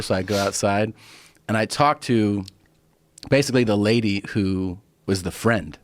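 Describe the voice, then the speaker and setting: A man telling a profane, animated story in a casual podcast chat. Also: lowish voice, measured pace, slight background noise. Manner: animated storytelling, profane, acts out other people's lines. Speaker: stand-up comedian and podcast guest.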